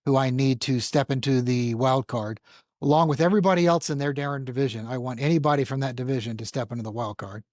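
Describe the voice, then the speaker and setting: A man's voice: medium pitch, fast talker, darkish tone, no room sound, clean studio sound. A man with a Philadelphia accent on a sports podcast panel, rambling and arguing his points. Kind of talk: casual podcast chat.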